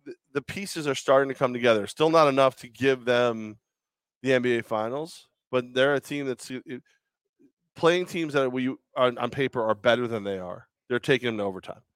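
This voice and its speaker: A man's voice: medium pitch, normal speed, clear, resonant tone, no echo. A man co-hosting a casual sports chat, rambling and joking with many restarts. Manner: rambling, jokey, lots of restarts. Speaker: podcast co-host.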